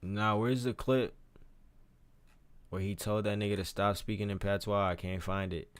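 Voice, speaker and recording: A man streaming casual, animated, profane commentary, reading lyrics aloud between remarks. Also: fairly low pitch, normal speed, smooth.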